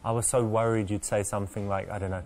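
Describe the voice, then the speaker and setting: A man playing a smooth-talking dating-game seducer, gushing with exaggerated praise in acted game dialogue. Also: lowish voice, level tone, quick pace, a little mellow, close to an everyday voice. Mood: earnest. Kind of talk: acted full-motion video game dialogue.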